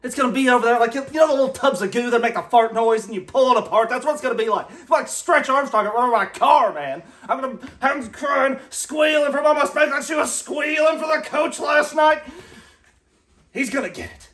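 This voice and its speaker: A man plays a grudge-holding wrestling coach in a comedy sketch. He talks high and rambles through half-finished threats, stalling on fillers before he works himself up. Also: quick pace, few pauses, a bit bright. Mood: menacing.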